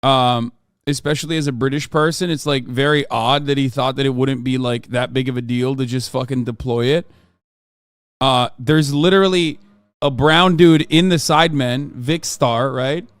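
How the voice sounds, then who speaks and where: A man from the United States, streaming and reacting to a video and chat in a profane, animated rant. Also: medium pitch, normal speed, clear, resonant tone, no echo. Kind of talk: casual live-stream reaction and chat replies.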